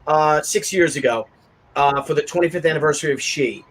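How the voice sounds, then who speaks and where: A man with a notably high-pitched voice hosts a casual online chat show. He tells a long, rambling story full of restarts, asides and quick jokes. His delivery is lively and conversational. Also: low-quality recording. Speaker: show host.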